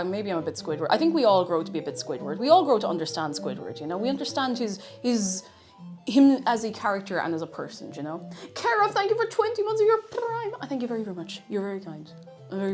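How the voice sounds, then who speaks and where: Woman streamer, chatty and playful at her home kitchen, very animated pitch. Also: fast talker, over music. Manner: playful, rambling, reads out chat messages. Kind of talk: casual live-stream chat while cooking.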